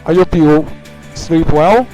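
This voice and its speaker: Excitable male streamer, high bouncy voice over loud clip music. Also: slow, low-quality recording. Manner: excitable, yelling reactions, stumbling over words. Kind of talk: reaction livestream commentary. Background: music from the clips he plays.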